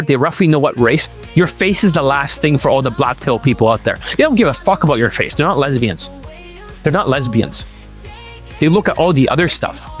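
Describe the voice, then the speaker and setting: A man talking straight to camera as a dating coach, blunt and profane, in a slightly high voice. He keeps stopping to check that the listener follows. Faint music plays under him. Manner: blunt and profane, keeps asking "does that make sense?". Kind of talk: Q&A monologue to camera.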